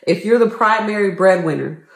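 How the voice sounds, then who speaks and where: A woman's voice: mid-range voice, moderate pace, gravelly. A woman with a mid-range voice talks emphatically in a casual commentary chat, swearing and repeating herself to drive points home. Her voice rings with a roomy echo. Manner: emphatic, repetitive, profane. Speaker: co-host.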